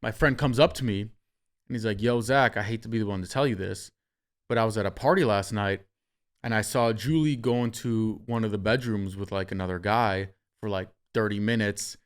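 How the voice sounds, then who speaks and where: A young man hosting a podcast, telling a story in a casual, animated way, swearing freely and acting out what people said. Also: fairly low pitch, normal speed, clear, resonant tone. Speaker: podcast host.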